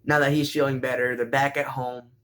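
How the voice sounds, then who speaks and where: A man casually recapping an anime, rambling with lots of fillers and restarts and bursts of excitement. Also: mid-range voice, brisk.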